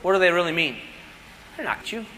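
A man's voice: sits high, animated, a little fast, bright, forceful tone. A man preaching a sermon in a conversational way, often asking rhetorical questions and answering them himself. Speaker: pastor. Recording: long reverb of a large hall.

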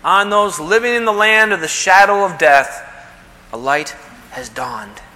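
A man preaches in a conversational way, often pausing for rhetorical questions. His voice sits high and sounds bright and forceful. A long reverb trails behind him, as if he is in a large hall. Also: lively intonation. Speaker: pastor. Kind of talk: sermon.

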